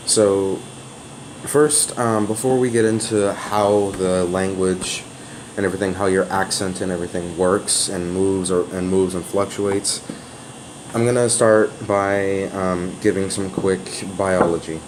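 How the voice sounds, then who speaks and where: A man's voice: low voice, fairly even intonation, measured pace, background noise. A man casually explaining a theory to a viewer, open and sonorous, hesitant and rambling, with lots of fillers and restarts. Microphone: off-camera voice recording.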